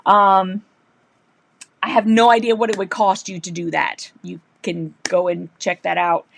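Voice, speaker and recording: A woman hosting a live sewing stream, telling stories in a chatty, animated way and laughing often. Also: mid-range voice, measured pace, creaky, slight background noise. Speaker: livestream host, quilter. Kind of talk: casual live-stream chat.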